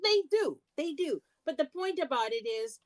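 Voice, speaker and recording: A woman co-hosting a podcast, chatting casually with quick reactions and frequent laughs. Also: high-pitched, sing-song, no echo. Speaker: podcast co-host. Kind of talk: casual chat.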